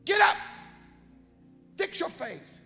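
A man's voice: high-pitched, sing-song, unhurried, creaky, a bit bright, long reverb tail, faint music behind, full character voice. A man preaching in church voices God as a stern male figure giving blunt, scolding commands.

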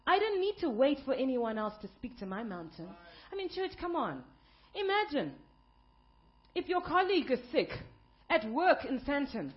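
Woman pastor, lively swooping sermon delivery, dull lo-fi recording. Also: high-pitched, moderate pace. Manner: emphatic preaching, building to shouted climaxes.

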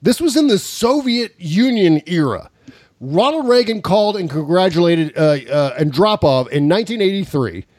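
This is a man with a fairly high voice, hosting a political podcast in a loose, sarcastic way and laughing as he mocks what he reads aloud. The sound is dry, close and without any room echo. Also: lively intonation, normal speed, a little mellow. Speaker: podcast host. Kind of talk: casual political talk.

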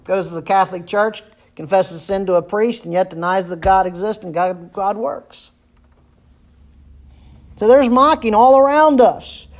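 A man's voice: sits high, measured pace. Earnest man preaching a sermon. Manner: earnest, repeats phrases for emphasis. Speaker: pastor.

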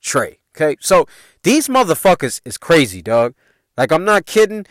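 A man in his forties with a Chicago accent rambles through stories in a loose, profane way, laughing at his own jokes. His voice sits a bit high and swings up and down with lively energy. The sound is dry, with no room in it. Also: moderate pace, no echo. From Chicago, USA. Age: 40s. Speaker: podcast host. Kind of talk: casual storytelling monologue.

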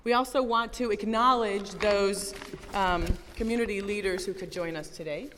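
A woman's voice: mid-range voice, normal speed, fairly bright tone, slight background noise. A woman giving an earnest, emphatic speech at a community event, building rhythmic lists. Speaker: event speaker. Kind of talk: rally speech. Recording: reverberant hall.

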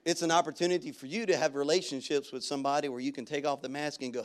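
Animated higher-voiced male preacher. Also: fast, few pauses, smooth. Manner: animated preaching that jumps into loud shouted bursts; conversational storytelling with casual slang. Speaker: guest pastor. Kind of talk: sermon.

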